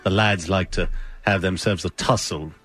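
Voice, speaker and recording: A man's voice: sits low, steady tone, normal speed, a bit bright, faint music behind. A radio co-host putting on a pompous British male sports reporter with a British accent and a mocking, haughty way of asking questions.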